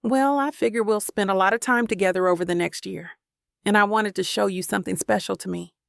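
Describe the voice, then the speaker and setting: A woman's voice: mid-range voice, fairly quick, creaky, dry recording, clean studio sound, natural voice. A woman voicing a confident, wealthy young man who likes to spoil his date, in a romance audiobook. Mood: warm. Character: confident wealthy young businessman, smooth charmer.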